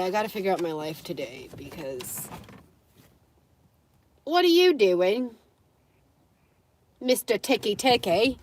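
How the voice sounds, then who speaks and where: A woman's voice: low-pitched, slight background noise. A young woman chatting casually on a live stream, with a runny nose, who slips into cooing baby talk with her dogs.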